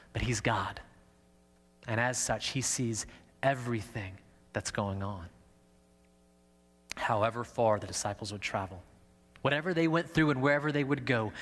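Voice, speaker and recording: The pastor now sounds medium-pitched with a fairly bright tone, still echoing through the sanctuary's long reverb. Earnest as ever, he trips over and repeats words as he explains his sermon.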